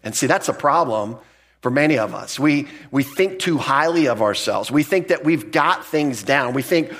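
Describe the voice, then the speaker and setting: A male pastor preaching an expository sermon at an ordinary middle pitch. He talks in a relaxed, conversational way, and his voice leaps upward whenever he hammers home a point. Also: normal speed, breathy edge. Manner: conversational and emphatic, with frequent restarts; jumps up in pitch to stress key points.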